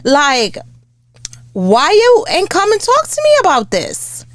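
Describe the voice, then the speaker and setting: Slow and high-pitched, with no echo, an older woman rants on her podcast. The rant is comedic and casual, and her manner is blunt, profane and full of life.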